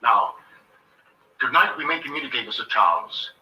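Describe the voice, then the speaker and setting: An actor playing an earnest, measured country doctor who dabbles in the occult, in 1930s film acting. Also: male voice, medium pitch, sing-song, lo-fi sound, close to an everyday voice. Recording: distant old film soundtrack, faint hiss.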